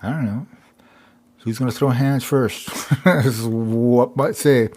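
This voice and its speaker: A man's voice: mid-range voice, steady tone, takes it slowly, a little mellow. A man hosting a live stream, talking in a rambling, repetitive monologue that keeps circling back to "it's true.". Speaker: livestream host.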